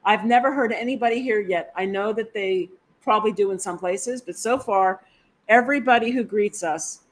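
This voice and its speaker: A woman's voice: mid-range voice, moderate pace. A woman from the United States hosting a casual live stream, enthusiastically reading out and reacting to viewer comments. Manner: enthusiastic, exclamatory. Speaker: co-host of a travel live stream.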